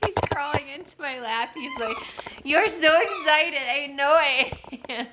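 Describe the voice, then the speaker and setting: A woman vlogging at home in a casual, expressive way, moving between soft talk and loud outbursts. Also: sits high, moderate pace, a little hiss or hum. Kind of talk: casual vlog chat to camera. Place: at home with her dogs.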